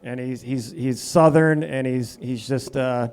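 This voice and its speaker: A stand-up comedian guesting on a radio talk show, chatting earnestly and a little ramblingly. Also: male voice, medium pitch, fairly even intonation, unhurried, a little mellow, smooth. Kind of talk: casual chat. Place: radio studio.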